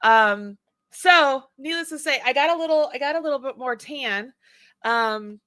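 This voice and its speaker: A woman in her forties hosts a casual chat, rambling happily with laughs and restarts. Her voice is bright and a little high. The sound is dry and close. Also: moderate pace, dry recording. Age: 40s. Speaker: host.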